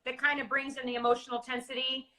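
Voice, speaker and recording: Bright, higher-voiced woman co-host. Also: level tone, rapid-fire, poor audio. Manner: affirming, explains with examples. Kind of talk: casual coaching chat.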